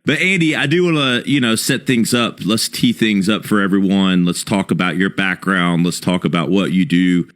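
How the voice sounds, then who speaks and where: A man's voice: low-pitched, normal speed, few pauses, a bit bright. A man with a South Carolina accent hosting a podcast, chatting in a laid-back, chummy way. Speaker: podcast host. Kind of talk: casual interview chat.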